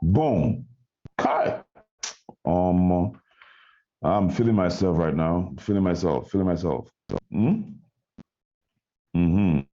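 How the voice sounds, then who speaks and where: A man's voice: low-pitched, takes it slowly, pauses often, highs cut off. A man on a video call, giving a fiery, repetitive motivational talk to his team about his business. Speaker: network marketing trainer.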